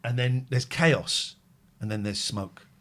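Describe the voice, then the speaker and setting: A man hosting a phone-in show in casual chat, rambling and excitable, swinging between loud outbursts and quiet musing. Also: mid-range voice, takes it slowly.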